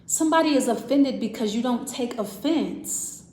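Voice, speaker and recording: A woman's voice: on the high side, animated, normal speed, dark tone. Woman reading tarot in an echoey room. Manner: rambling, thinking aloud with restarts and self-repeats. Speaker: tarot reader. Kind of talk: casual tarot reading to camera.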